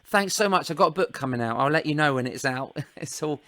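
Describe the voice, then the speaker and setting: A man hosting a podcast, chatty and quick to laugh as he wraps up an interview. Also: fairly high pitch, lively intonation, a crowd in the background. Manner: chatty, laughs often, warm thanks. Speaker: podcast host. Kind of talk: casual interview and outro.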